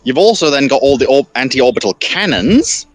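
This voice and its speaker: A man on a casual panel chat, animated and eager to jump in with his own points. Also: medium pitch, moderate pace, soft background music. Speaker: panel guest.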